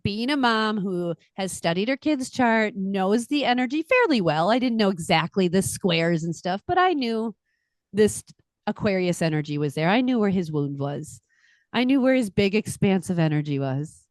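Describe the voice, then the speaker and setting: A middle-aged woman, an astrologer and podcast co-host, chatting casually and telling stories in an animated way, laughing often. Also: mid-range voice, moderate pace, no room sound, clean studio sound. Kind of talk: casual chat.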